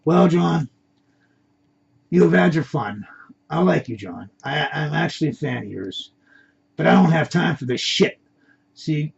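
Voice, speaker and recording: A man voicing a calm, menacing male kidnapper in a black mask who gives cold commands. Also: fairly high pitch, vocal fry, husky, dull audio, heavily acted.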